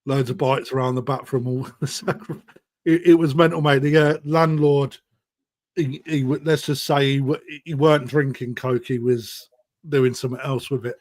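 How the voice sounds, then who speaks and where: A man's voice: medium pitch, fairly even intonation, moderate pace, a little mellow, no room sound. Chatty man running an auction. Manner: chatty, matey banter with bidders. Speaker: koi auctioneer. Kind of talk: live auction chat.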